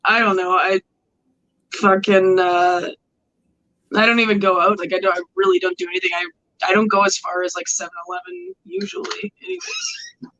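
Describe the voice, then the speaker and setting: A woman's voice: mid-range voice, huge pitch swings, moderate pace, pauses often, sharp tone, dull audio. A tired woman, co-hosting a livestream over a phone mic, rambling in casual chat full of "like" and swearing. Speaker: livestream co-host. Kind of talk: casual late-night chat.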